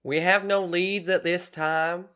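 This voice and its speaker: Man putting on a slow Southern police drawl. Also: high voice, fairly even intonation, bright, forceful tone, smooth, voice pushed up, exaggerated voice. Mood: official. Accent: put-on Southern US. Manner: slow, deliberate quote-reading drawl. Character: drawling Southern police lieutenant, male, officious.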